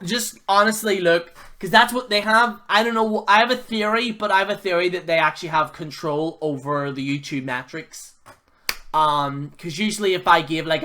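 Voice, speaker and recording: A man's voice: on the high side, sharp tone. A man hosting his own channel, giving a blunt, heated wrestling review full of casual slang and repeated jabs. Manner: casual slang, fillers, restarts. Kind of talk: ranting video review.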